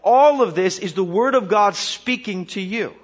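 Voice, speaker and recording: A man preaching a sermon in a loose, conversational way, restarting phrases as he goes. His voice sits a little high for a man. The recording sounds dull and lo-fi. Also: expressive, normal speed. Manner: conversational, with repeated restarts and a chuckling punchline delivery. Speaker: pastor.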